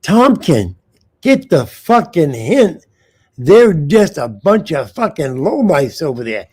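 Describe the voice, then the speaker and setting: A man's voice: fairly high pitch, sing-song, takes it slowly, husky. A man hosting a live uncensored show, ranting with heavy swearing and calling out to viewers in the chat. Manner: loud, profane, talks straight to the chat. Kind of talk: profane live-stream rant.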